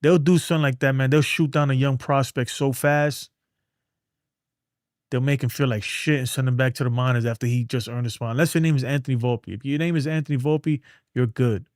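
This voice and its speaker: A man's voice: medium pitch, steady tone, brisk, no echo, studio quality. Slangy, rambling man talking sports. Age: adult with a son. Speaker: streamer. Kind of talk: casual sports talk.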